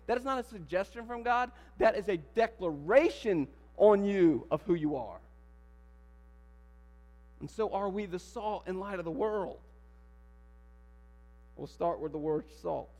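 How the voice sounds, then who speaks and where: A man preaching a sermon in a church, animated, firing rhetorical questions and building to emphatic declarations. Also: high voice, measured pace, pauses often. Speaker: pastor. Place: church sanctuary. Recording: long hall reverb with mains hum.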